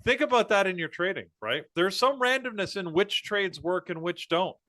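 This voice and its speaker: Bright-voiced rambling man on a live show. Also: sits high, lively intonation, normal speed. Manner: rambling, laughs at own jokes. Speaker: trading show co-host. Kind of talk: casual live-stream chat.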